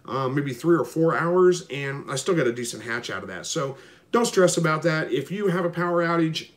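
A man's voice: on the high side, normal speed. Laid-back man on a livestream. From Missouri. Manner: relaxed, rambling, many ums and uhs. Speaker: livestream host answering viewer questions. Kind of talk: casual live chat, reading comments aloud.

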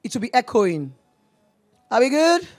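A woman's voice: fairly high pitch, very animated, moderate pace, a little mellow. Effusive Nigerian woman hosting call-in show. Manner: effusive, mixes Pidgin, calls everyone darling. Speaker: radio show host taking calls.

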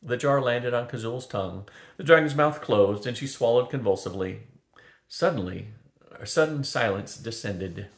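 An older man reading a fantasy novel aloud, steady and unhurried. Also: mid-range voice. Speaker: storyteller. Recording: roomy echo.

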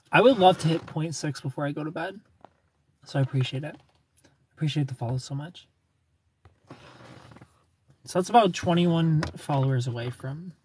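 A man's voice: on the high side, a little mellow, a little hiss or hum. A tired man live streaming from an airport on his phone, rambling casually as he answers chat and thanks new followers. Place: airport terminal.

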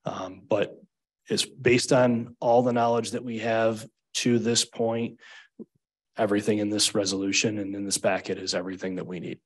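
A man, a department director, presenting to a board in a measured, explanatory way. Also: lowish voice, steady tone, husky.

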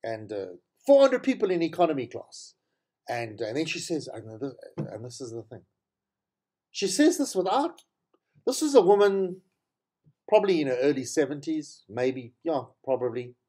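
A middle-aged man rambles through a casual solo monologue, correcting himself as he goes. His pitch swings animatedly from phrase to phrase, and his tone stays warm and mellow. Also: very animated, normal speed. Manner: chatty and rambling, with frequent self-corrections. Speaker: show host.

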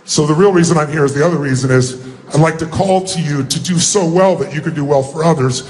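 A man giving a motivational speech, telling a personal story with emotional, animated delivery and a husky voice. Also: fast talker. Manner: emotional, animated storytelling, rising in pitch when stirred. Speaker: motivational speaker.

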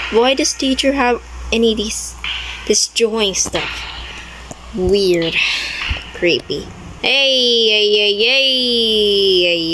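A young woman who makes gaming videos comments on her own gameplay in a fairly high voice against a noisy background. She startles easily, exclaims often, and speaks English with non-native grammar.

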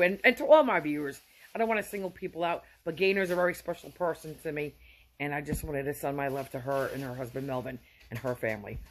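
A woman's voice: lowish voice, fairly bright tone, a little hiss or hum. A woman in her fifties sends effusive, rambling holiday greetings to her viewers from her home. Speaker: vlogger.

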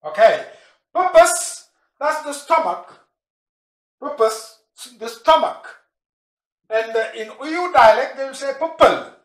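Slow, patient teacher in an echoey room. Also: sits high, animated. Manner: repeats each word slowly and patiently, with asides on dialects. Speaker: language teacher. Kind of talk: vocabulary lesson, spelling out words. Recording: roomy echo.

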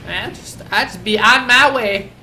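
A man hosting a let's play with loud, profane, rowdy outbursts and game audio behind him. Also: high-pitched, measured pace, a little hiss or hum. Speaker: gaming channel host. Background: game audio and music.

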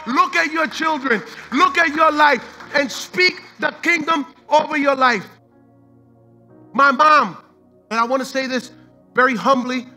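A man's voice: extremely high pitch, unhurried, bright, forceful tone, soft background music. A man preaching a sermon as pastor, fervent and repetitive, mixing in street slang and the odd line of Spanish.

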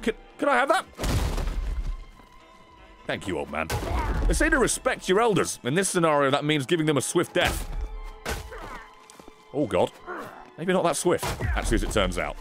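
A man streaming a violent game, giving sarcastic, sweary commentary that swings between low mutters and sudden shouts. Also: huge pitch swings, normal speed, long pauses. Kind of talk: comedic gameplay commentary. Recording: game music behind voice.

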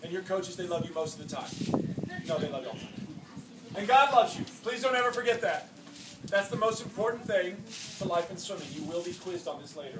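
A high-pitched man in his forties coaches a children's swim clinic, giving an earnest, animated pep talk that drops soft and then bursts loud. He's in a large indoor pool hall, and the recording sounds echoey, distant and noisy.

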